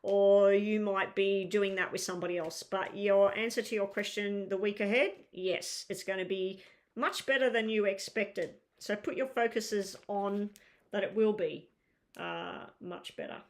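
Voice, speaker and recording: A woman hosting a live tarot reading stream, talking in a chatty, reassuring way as she lays out cards. Her pitch sits in an ordinary middle range and she thinks aloud between readings. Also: fairly even intonation, unhurried. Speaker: tarot reader.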